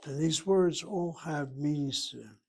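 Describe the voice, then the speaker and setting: Reading from a textbook for a self-study Hebrew lesson, this man thinks aloud, quizzes himself and spells out words. His voice is a little high and creaky, and he keeps a measured pace.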